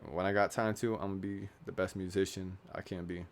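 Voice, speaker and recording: A man's voice: deep voice, little pitch movement, fairly quick, a little hiss or hum. A young man talking casually to camera in a rambling, self-mocking way, joking about himself and his goals. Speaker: YouTuber. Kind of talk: casual vlog monologue.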